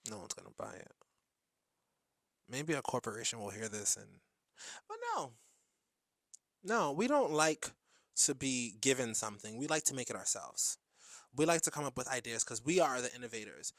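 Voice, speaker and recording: A man's voice: mid-range voice, expressive, a little fast, a bit bright, no room sound, clean studio sound. A man hosting his own show, rambling through a stream-of-consciousness monologue with giggles and filler words. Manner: rambling, giggly, breaks into sung jingles. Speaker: host.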